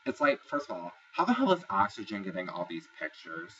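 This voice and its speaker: A man's voice: fairly low pitch, wildly swooping pitch, a little fast, pushed and bright, distant mic, dull audio, a little hiss or hum. A man casually recapping a reality show episode, chatty, gossipy and profane. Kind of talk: casual review vlog.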